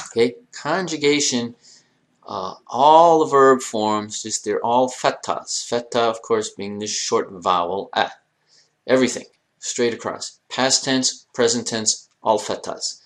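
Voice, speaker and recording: A man's voice: medium pitch, moderate pace. A man teaching an Arabic grammar lesson, joking and speaking straight to his students. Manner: jokey, addresses students directly, animated emphasis. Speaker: Arabic language instructor. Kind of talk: classroom lecture.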